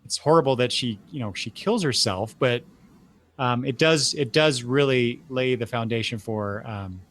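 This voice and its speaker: A man's voice: mid-range voice, normal speed, a bit bright. An older man hosting a podcast, recapping comic book scenes in a casual chat with frequent restarts and fillers. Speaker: podcast host.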